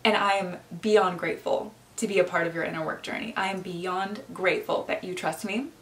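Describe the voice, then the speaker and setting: A woman's voice: fairly low pitch, steady tone, a little fast, recorded from a distance, a little hiss or hum. A young woman, a lifestyle coach, talking straight to her viewers in a heartfelt vlog, teary and encouraging as she thanks them. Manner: emotional, encouraging, speaks to viewers as sisters. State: teary, emotional. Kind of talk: heartfelt direct-to-camera vlog.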